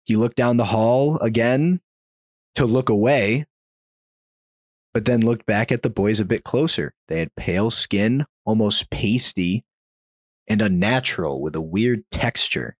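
A man's voice: lowish voice, measured pace, no echo, studio quality. A man hosting a podcast, telling a spooky story in a casual way and chuckling now and then. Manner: animated, chuckles while telling a spooky tale.

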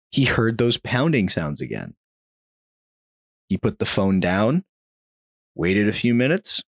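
A man relates a creepy tale to his co-hosts in an easy, chatty way. His pitch rises and falls a lot, and he laughs lightly between beats. The sound is dry and close, with no room echo. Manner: animated, chuckles while telling a spooky tale. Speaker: podcast host telling a story. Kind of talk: casual storytelling.

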